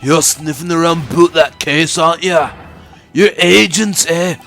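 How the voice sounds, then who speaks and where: A man voicing a gruff, hostile male prison governor in an attempted Scottish accent, blustering and threatening. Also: on the high side, a little slow, a bit bright, faint music behind.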